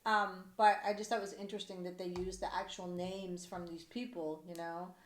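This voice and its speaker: A woman's voice: on the low side, little pitch movement, a little fast. A woman co-hosting a podcast in casual chat, blunt and swearing freely, with lots of fillers and restarts. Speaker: podcast co-host. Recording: echoey room.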